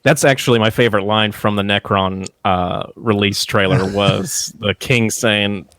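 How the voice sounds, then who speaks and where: Low-voiced man, profane and animated. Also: a little slow, no room sound. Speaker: podcast co-host. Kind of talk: casual chat.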